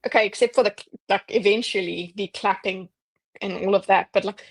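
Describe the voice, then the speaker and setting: A woman's voice: medium pitch, steady tone, brisk. A woman guest on a movie review podcast, reacting and chiming in during casual chat. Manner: reactive, laughs and chimes in.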